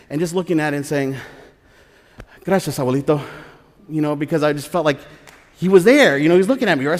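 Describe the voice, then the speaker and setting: A man telling his own story live on a theater stage, animated and excitable, often laughing as he talks. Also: fairly high pitch. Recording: reverberant live theater hall.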